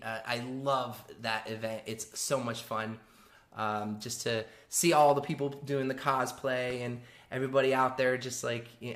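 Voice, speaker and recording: A man's voice: mid-range voice, a bit bright. A man chatting casually on a live stream from home, rambling, laughing often and reading out viewer messages.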